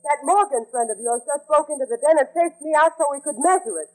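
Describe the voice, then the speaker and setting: Exasperated scolding wife, high lively voice, old radio comedy. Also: female voice, quick pace, low-quality recording. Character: exasperated scolding wife, young adult woman. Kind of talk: 1940s radio sitcom acting.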